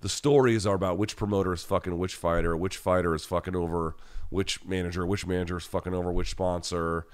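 Man, very low voice, podcast host, casual live chat, blunt, rambling, restarts a lot. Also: little pitch movement, fast talker, clear, resonant tone.

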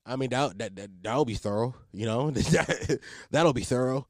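In a casual solo podcast chat, a man in his twenties rambles and swears, restarting his sentences often. He speaks at medium pitch and an unhurried pace. His close podcast mic in a home setup produces a dry, clean studio sound.

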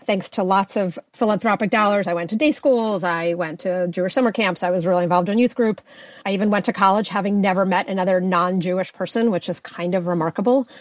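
A woman's voice: medium pitch, fairly quick, dry recording. A woman who grew up in Russia, talking as a podcast guest in a reflective, easygoing way that often breaks into laughter. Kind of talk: conversational podcast interview.

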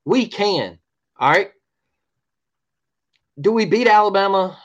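Man, sports podcast co-host, fired-up and repetitive, fairly high voice. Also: expressive, slow pace, lo-fi sound. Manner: heated, repetitive, keeps asking "all right?".

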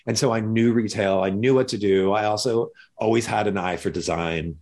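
A man's voice: fairly low pitch, normal speed, a little mellow. A man from Missouri, a guest in an interview, telling his story in a conversational way and acting out other people's lines in quoted voices. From Missouri, USA.

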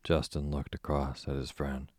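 A man narrating an audiobook in a measured, even reading. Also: extremely low pitch, no echo, studio quality. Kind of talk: scripted narration.

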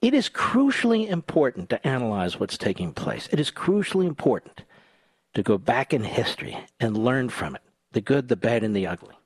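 A man's voice: very animated, moderate pace, slightly rough, dry recording. Combative male talk radio host. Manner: combative, sarcastic, swings from loud outbursts to low asides.

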